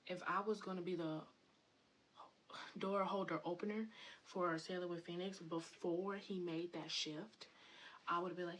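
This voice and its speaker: A woman's voice: on the low side, fairly even intonation, measured pace, pauses often, a bit bright, slight background noise, poor audio. A woman spiritual content creator in a casual, rambling vlog monologue, full of fillers and enthusiasm.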